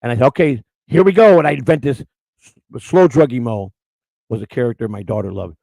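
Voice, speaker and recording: A man's voice: medium pitch, lively intonation, a little fast, vocal fry, mellow, no room sound, rough recording. A middle-aged man hosting, telling rambling stories in a casual, outspoken way with many restarts. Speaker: host. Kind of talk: casual storytelling on camera.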